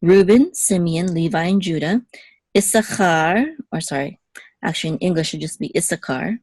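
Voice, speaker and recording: A woman teaching a language lesson, patiently repeating words slowly to contrast pronunciations and often checking in with "okay?". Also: fairly low pitch, a little mellow, no room sound. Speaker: Hebrew teacher.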